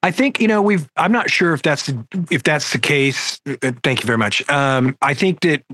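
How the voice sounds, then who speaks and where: A man's voice: fairly high pitch, normal speed, pushed and bright, dry recording. A man in his fifties, a rock singer guest, telling stories in a laid-back, candid way over a video call.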